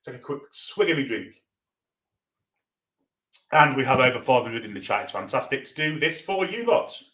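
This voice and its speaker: A Geordie man hosts a live football watchalong, chatting away as he reads viewers' messages and answers them with easy banter. His voice sits at an ordinary middle pitch. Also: sing-song, moderate pace, sharp tone. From North East England. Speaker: fan watchalong host. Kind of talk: live stream chat reading.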